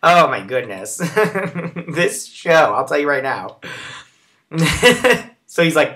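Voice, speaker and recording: A man's voice: on the high side, very animated, a little slow, sharp tone. A man hosting a casual episode recap and review, chatty and rambling with lots of fillers. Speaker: show recap host.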